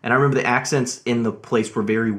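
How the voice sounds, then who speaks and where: A man's voice: medium pitch, flat delivery, fast talker, a bit bright. A man co-hosting a casual movie chat, often acting out quoted lines with a mocking voice. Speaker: co-host.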